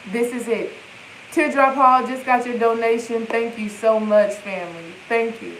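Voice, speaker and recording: Woman coach livestreaming on her phone, kinda high voice, echoey room, a little hiss. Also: fairly even intonation, normal speed. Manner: emphatic, repetitive affirmations. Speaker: healing coach. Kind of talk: live-stream self-help talk.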